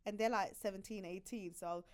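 A British woman in her twenties chats casually as a podcast guest, telling stories with frequent laughs and acting out other people's lines. Her mid-range voice is steady and moderately paced, with crowd noise behind her.

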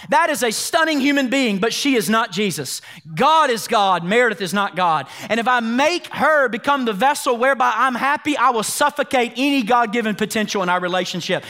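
A man in his thirties preaching a sermon as pastor, emphatic, swinging between loud urgent lines and hushed ones. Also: extremely high pitch.

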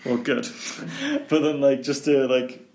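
A young man with a gravelly, creaky voice chats easily, peppering his talk with "like". The sound is roomy and echoey. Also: medium pitch, big pitch swings, takes it slowly, a little mellow. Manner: chatty, heavy use of "like". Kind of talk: casual chat.

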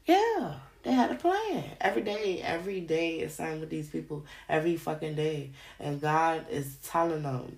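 A woman's voice: low-pitched, lively intonation, moderate pace, hardly any pauses, darkish tone. A woman host delivering a heated, profane monologue on her podcast, hammering rhetorical questions. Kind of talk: ranting monologue.

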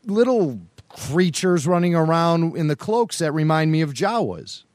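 A relaxed man hosting a podcast, his voice higher and swinging widely in pitch. The sound is dry and close, with no room around it. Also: a little slow, no echo. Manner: relaxed, chatty, asks questions. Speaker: podcast co-host. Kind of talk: casual podcast interview.

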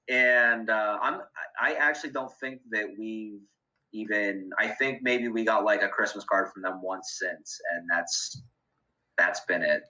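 Bright-voiced man telling a story. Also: on the low side, dull audio. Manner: laughs often, filler-heavy. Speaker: guest. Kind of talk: casual storytelling.

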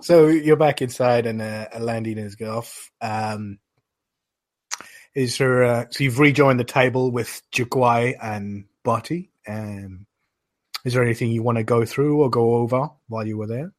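A man's voice: medium pitch, unhurried, no echo. A man narrating as game master, rambling with frequent fillers.

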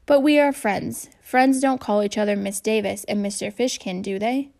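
A woman's voice: medium pitch, moderate pace, gravelly, a little mellow, close to an everyday voice. A woman voicing a friendly, encouraging school counselor in a children's audiobook. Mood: kind.

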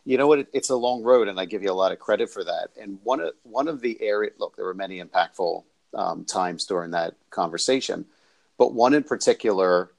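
A man's voice: on the low side, animated, fairly quick, vocal fry. A man hosting an interview, talking earnestly and effusively with many restarts. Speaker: host. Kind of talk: casual interview.

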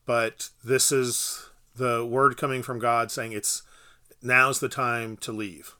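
A man's voice: mid-range voice, level tone, takes it slowly, bright, forceful tone, smooth. A man explaining scripture in a casual bible study, knowledgeable and explanatory. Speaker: bible teacher.

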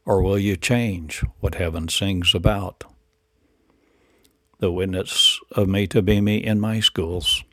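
A man's voice: low-pitched, fairly even intonation, takes it slowly, a bit bright, dry recording, clean studio sound. A man delivering a rambling spiritual monologue in incantatory, repetitive declarations and rhetorical questions.

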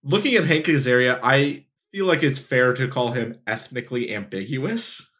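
A man's voice: medium pitch, normal speed, a bit bright. Male co-host, laid-back recapper, mid-range voice. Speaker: podcast co-host. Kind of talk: casual chat.

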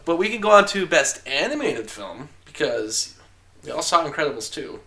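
A man's voice: a little high, very animated, normal speed, bright, forceful tone. A man chatting casually as a podcast host, opinionated and talkative, with frequent fillers and laughs. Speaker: podcast host discussing film awards. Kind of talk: casual chat.

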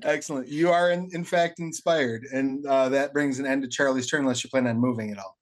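A man runs the table as game master, calm and deliberate as he reads out rules and effects. His voice sits at an ordinary middle pitch.

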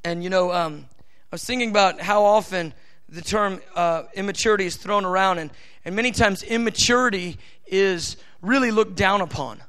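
A man's voice: sits high, moderate pace, a bit bright, clear, resonant tone. A man preaching a live sermon, speaking emphatically and talking directly to his listeners. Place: church service with family present.

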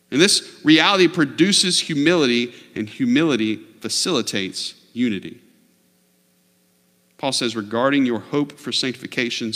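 A man preaching a sermon in a church, earnest, dropping low and quiet, then rising to loud mock shouts. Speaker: pastor. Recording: long reverb of a large hall.

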